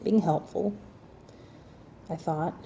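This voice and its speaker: A woman telling a story casually, acting out other people's lines in an animated and self-mocking way. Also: lowish voice, slow, slight background noise.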